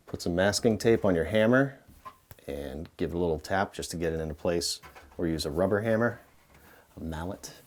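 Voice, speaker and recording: A man hosting a casual how-to, talking relaxed while he works with tools and now and then dropping into mutters. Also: a bass voice, slight background noise. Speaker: DIY home renovation host. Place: indoor pantry under renovation.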